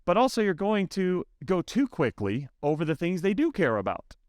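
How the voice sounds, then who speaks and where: A man who coaches software sales, speaking as a guest on a podcast interview with an emphatic, animated way of telling stories. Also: high-pitched, normal speed, no room sound, clean studio sound.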